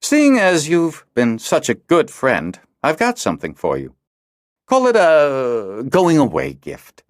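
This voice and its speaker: A man reading an audiobook, voicing a sly, nonchalant male schemer who speaks in a slow, agreeable drawl. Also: a little high, huge pitch swings, no echo, studio quality, pitched above the performer's own voice, heavily acted. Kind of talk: audiobook character voice.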